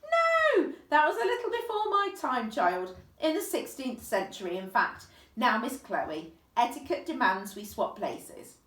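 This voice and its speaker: A woman voicing a kindly, old-fashioned elderly male tramp with gentlemanly courtesy in a read-aloud story. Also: medium pitch, big pitch swings, measured pace, few pauses. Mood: gallant. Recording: echoey room, distant mic.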